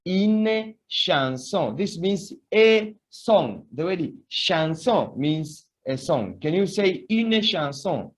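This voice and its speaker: A man's voice: sits high, big pitch swings, slow pace, hardly any pauses. A man teaching a beginner language lesson, patiently repeating words for students to echo. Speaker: French teacher.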